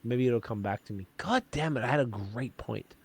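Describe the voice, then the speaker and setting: A man's voice: mid-range voice, normal speed, breathy edge. A man hosting a podcast, chatting casually and rambling with swearing and fillers. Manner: loose and profane, rambling with lots of fillers. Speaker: podcast host.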